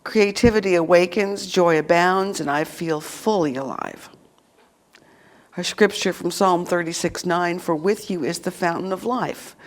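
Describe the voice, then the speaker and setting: A woman leading a church service, reading scripture and introducing the speaker in a measured way. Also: on the low side. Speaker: service leader. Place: church sanctuary.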